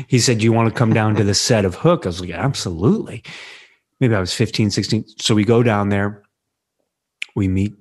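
A man co-hosting a podcast, telling stories in an animated, casual chat. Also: fairly low pitch, husky. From Los Angeles. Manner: storytelling, animated. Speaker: podcast co-host.

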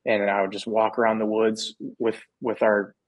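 A man's voice: lowish voice, moderate pace, no echo. Laid-back young American man telling stories. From United States. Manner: relaxed storyteller with frequent restarts and slang. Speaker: podcast guest, former minor league player. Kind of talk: casual interview chat.

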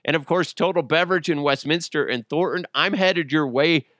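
Profane joking podcast host. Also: male voice, fairly high pitch, normal speed, a bit bright, no echo, clean studio sound. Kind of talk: casual solo podcast chat.

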